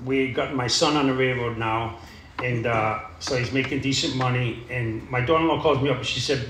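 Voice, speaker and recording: A man's voice: medium pitch, brisk, fairly bright tone, a little hiss or hum. A middle-aged man telling his recovery story in a plain, rambling way, full of "you know" and "uh". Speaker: AA speaker sharing his story. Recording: echoey room.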